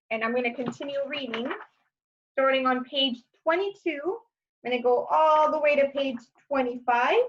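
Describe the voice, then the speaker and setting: A woman teacher giving a recorded lesson, saying each word slowly and clearly for young learners. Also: high voice, fairly bright tone, muffled recording.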